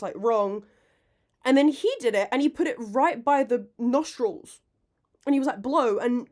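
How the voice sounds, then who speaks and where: Chatty young woman rambling. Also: mid-range voice. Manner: rambling and animated, swearing freely; self-mocking, quick to laugh. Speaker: podcast host. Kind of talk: casual chat.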